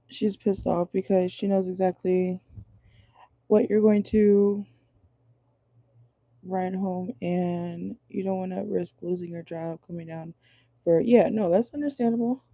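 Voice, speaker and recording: A hoarse woman whose voice is going out, chatting casually as she reads viewer comments during a live tarot reading. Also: mid-range voice, fairly even intonation, unhurried, pauses often, warm tone, no echo. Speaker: tarot reader. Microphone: phone or laptop in a car.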